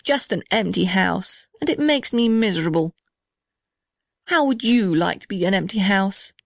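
A woman's voice: mid-range voice, animated, moderate pace, creaky, no room sound, clean studio sound. A woman voicing a small, lonely male house in a storybook reading, plaintive and self-pitying. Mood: bitter.

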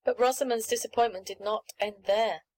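A woman narrating a classic children's story in a clear, even, unhurried reading. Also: on the high side, rough recording.

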